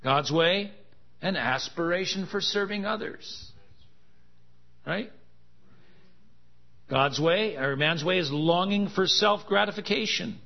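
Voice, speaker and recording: A man's voice: high-pitched, slow pace, creaky, long pauses. A man preaching a sermon, with joking, laughing asides and emphatic contrasts that build in intensity. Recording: dull lo-fi sound.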